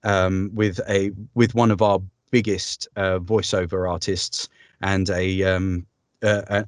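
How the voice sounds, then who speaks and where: A man's voice: low-pitched, no room sound, clean studio sound. A man, a voice-over artist, chatting upbeat in an interview with frequent ums and laughs. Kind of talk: casual interview conversation.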